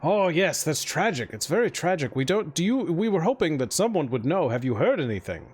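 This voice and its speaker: A man's voice: fairly high pitch, very animated, brisk, darkish tone, breathy edge. A man voicing a fussy, effusive male town mayor who fawns over his guests in a tabletop game. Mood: gushing. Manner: effusive, overly polite host.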